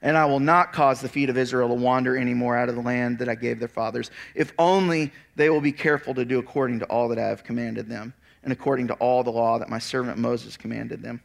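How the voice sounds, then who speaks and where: A man preaching a sermon, reading scripture aloud and then retelling it as a lively story with casual asides. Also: medium pitch, fast, creaky, hardly any pauses. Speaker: pastor. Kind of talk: expository sermon.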